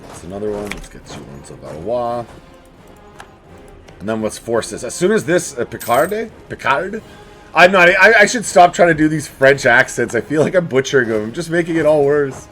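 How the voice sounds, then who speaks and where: Speaking fast with hardly any pauses, a man with a slightly high voice hosts a let's play of a strategy game, chatting casually and animatedly talking to the enemies on screen. Soft background music plays behind him.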